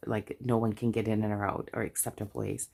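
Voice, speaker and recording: A woman's voice: rumbling low, level tone, normal speed, gravelly, darkish tone. A middle-aged Canadian woman telling a story in a casual chat, chatty and full of asides. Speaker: budgeting vlogger.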